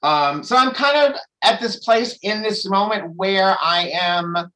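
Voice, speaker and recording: A man's voice: high-pitched, a little slow, sharp tone, low-quality recording. A man sharing candidly at a recovery meeting, rambling with restarts and frequent swearing. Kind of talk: candid personal share.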